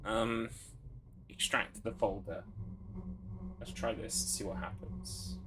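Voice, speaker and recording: A man's voice: lowish voice, slow pace, noisy background. A man with an English accent streaming a horror game from his computer. He chats with viewers, answers questions from chat and swears now and then. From England. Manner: chatty, swears, reads chat aloud and answers it. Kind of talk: casual gaming commentary.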